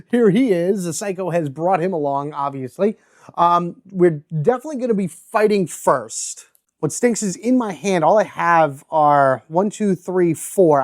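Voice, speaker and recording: A man with a high voice hosts a solo board game playthrough. He chats casually, thinking out loud about his moves and reading card text aloud as he plays. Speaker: host.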